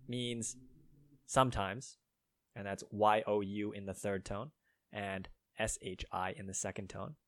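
A man slowly explaining Mandarin phrases and spelling out their tones, one letter at a time. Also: fairly low pitch, no echo, clean studio sound. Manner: slow, careful spelling out of tones. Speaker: language learner.

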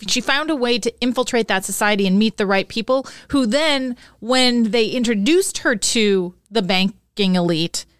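A woman co-hosting a podcast in relaxed conversation, her voice smooth and resonant and a little high. She is recorded close and dry, with no room sound. She often restarts sentences as she steers the talk. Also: normal speed, few pauses, no echo. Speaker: podcast co-host. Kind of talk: casual chat.

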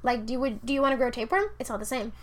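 A young woman in her twenties co-hosting a casual late-night chat, ranting in a profane, animated way. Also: a little high, racing, slight background noise. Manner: animated, profane, laughing rants. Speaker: podcast co-host.

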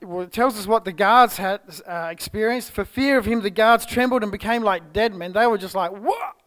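A man with an Australian accent preaching a church sermon, telling the story expressively and moving between loud exclamations and hushed tones. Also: high voice, brisk. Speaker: pastor. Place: church service.

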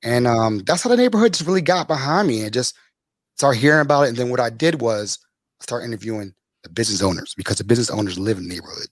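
A man, a podcast host telling stories as a guest, lively and acting out the people he quotes. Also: fast, no room sound, studio quality. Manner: animated, acts out quoted people with big pitch jumps. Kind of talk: casual storytelling in an interview.

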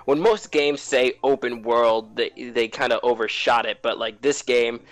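A man's voice: mid-range voice, moderate pace, a bit bright, no room sound. A man co-hosting a casual gaming podcast over a voice call, rambling through his thoughts with lots of fillers and swearing. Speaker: podcast co-host.

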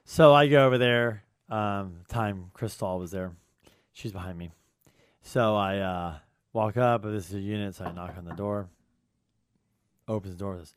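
A man's voice: lowish voice, normal speed. A man telling a story in casual chat, acting out both sides of a conversation with a tenant. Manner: animated storyteller, acts out both sides of dialogue. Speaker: co-host telling a property management story.

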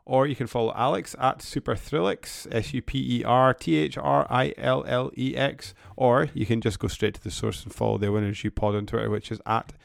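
A man co-hosting a casual podcast, croaky after a flu, jokey as he wraps up the show. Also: mid-range voice, brisk, hardly any pauses, no echo, studio quality. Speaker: podcast co-host. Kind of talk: casual chat.

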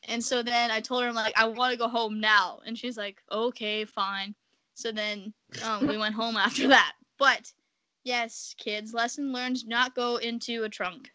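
A young woman, a podcast guest, telling a story in casual chat, animated and laughing often, acting out the quotes. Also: a little high, measured pace, smooth, no room sound.

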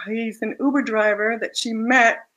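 A woman author reading her own romance fiction aloud in a soft, measured way, then chatting about the story. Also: on the high side, fairly even intonation, poor audio.

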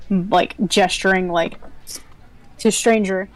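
A woman's voice: mid-range voice, unhurried, rough recording. A woman playing in a tabletop game who makes dry, teasing remarks. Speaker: player. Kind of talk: casual tabletop role-play.

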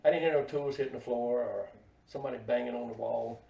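A man's voice: medium pitch, fast, creaky, warm tone. A man who worked on a race team, telling stories in a plain-spoken, laid-back way as a guest. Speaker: guest, former race team crew member. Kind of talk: casual storytelling chat. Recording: echoey room, mic at a distance.

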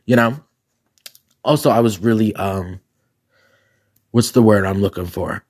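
A man with a raspy voice, hosting a podcast alone as a drag queen, chatting in a sassy, gossipy way and laughing often. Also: on the low side. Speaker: podcast host. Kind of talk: casual solo podcast chat.

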